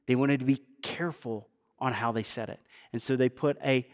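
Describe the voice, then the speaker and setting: A male pastor preaching a sermon in a conversational way, building emphasis on key points and dropping in quick asides. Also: medium pitch, steady tone. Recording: reverberant hall sound.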